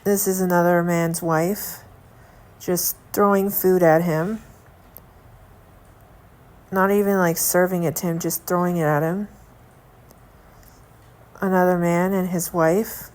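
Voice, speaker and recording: A woman's voice: fairly low pitch, steady tone, takes it slowly, pauses often, darkish tone. Indignant young woman chatting at home. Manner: earnest and indignant, rambling with many fillers. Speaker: vlogger. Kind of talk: casual chat to camera.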